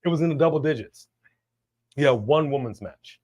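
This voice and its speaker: A man co-hosting a live wrestling watch-along stream, chatting casually, slangy and animated as he reads out viewer messages. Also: on the high side, a little fast.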